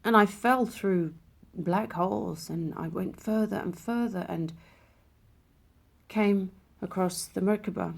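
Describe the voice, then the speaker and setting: A woman speaks to camera about a personal spiritual experience. Her telling is emotional and intimate, with passages that fall to a hush. Her pitch sits in the middle. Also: slow pace, gravelly, husky. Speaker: vlogger.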